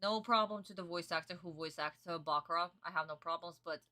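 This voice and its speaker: A woman's voice: fairly low pitch, a little fast, sharp tone. A young woman streaming her reaction to a dubbed anime, chatting casually with viewers, exasperated, swearing and bursting into laughs.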